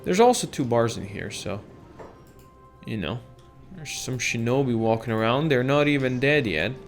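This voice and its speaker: A man's voice: mid-range voice, lively intonation, moderate pace, soft background music. A man hosting a casual let's-play, chatting and reacting as he plays a game. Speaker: gaming channel host.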